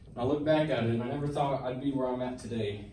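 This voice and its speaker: Warm and mid-range, this man's voice stays steady even though he talks fast as he gives his testimony to a church congregation. He retells a Bible story in earnest, colloquial speech that rises in intensity, picked up by a distant mic in an echoey church hall with faint background noise.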